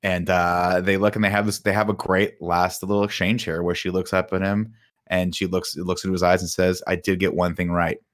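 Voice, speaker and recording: A man co-hosting a podcast, casually retelling film scenes with lively acted-out quotes and plenty of swearing. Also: low voice, brisk. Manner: animated retelling, acts out quotes, swears freely. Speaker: podcast co-host.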